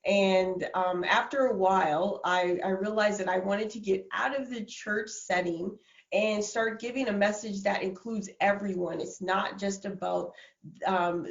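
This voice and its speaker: Woman guest, motivational speaker, animated and laughing, echoey lo-fi call audio. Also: mid-range voice, vocal fry. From Minnesota, USA. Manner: animated, laughs often, many restarts. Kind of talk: casual video-call interview. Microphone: video call. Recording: roomy, dull lo-fi sound.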